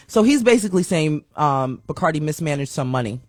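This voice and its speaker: A woman's voice: sits low, brisk, hardly any pauses, a little mellow, no room sound, studio quality, soft background music. A woman hosting a podcast, casually running through celebrity news headlines in a chatty, slangy, self-mocking way, sometimes tripping over her words. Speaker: podcast host.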